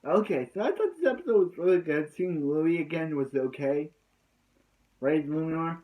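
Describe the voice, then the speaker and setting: A man's voice: a little high, lively intonation, moderate pace, a little mellow, low-quality recording. A man giving a casual, rambling recap of an anime episode, leaning on filler words like "so yeah.".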